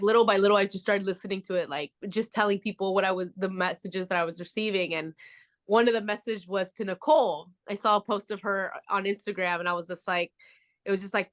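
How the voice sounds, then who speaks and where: A woman's voice: mid-range voice, fairly bright tone. A young adult woman co-hosting a podcast, chatting casually with lots of fillers like "dude" and "like". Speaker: podcast co-host. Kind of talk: casual chat.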